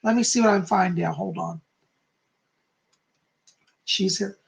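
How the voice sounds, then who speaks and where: A man's voice: high voice, unhurried, vocal fry. A man hosting a live stream as a psychic, relaying spirit messages to viewers by name while losing his voice.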